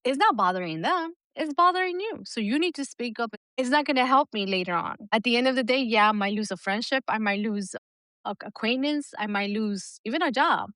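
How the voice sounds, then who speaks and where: A woman's voice: a little high, expressive, a little fast, sharp tone, dry recording. A middle-aged woman co-hosting a podcast in casual chat, talking bluntly with plenty of swearing and frequent laughter. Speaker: podcast co-host.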